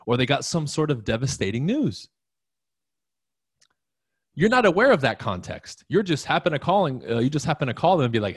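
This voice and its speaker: A man's voice: on the high side, very animated, fairly quick, husky, no echo, studio quality. A man coaching salespeople in a live-streamed talk, emphatic and blunt, swearing now and then as he addresses the listener directly. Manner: emphatic, profane, talks straight to the listener. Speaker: real estate coach.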